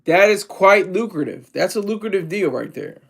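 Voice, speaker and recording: Rambling high-voiced man chatting casually. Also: expressive, normal speed, vocal fry, a bit bright. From Delaware. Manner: rambling, jokey, self-interrupting. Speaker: vlogger. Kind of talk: casual solo commentary.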